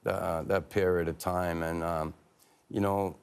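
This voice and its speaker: A man, a former hockey player telling candid stories in a TV studio interview, halting with many fillers and restarts. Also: low-pitched, little pitch movement, creaky, smooth.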